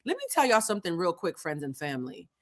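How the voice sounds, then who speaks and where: A woman's voice: lowish voice, very animated, quick pace, a bit bright. A woman hosting a live pop-culture show, talking bluntly and profanely and acting out the quotes she is picking apart. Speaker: host.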